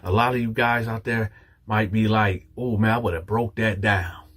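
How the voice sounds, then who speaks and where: A low, husky male voice recounts a story straight to the audience in an easy, talkative way. He slips into the quoted lines with animated swings of pitch. The tone stays slightly rough throughout. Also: moderate pace. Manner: animated, acts out quoted dialogue. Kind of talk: casual storytelling to viewers.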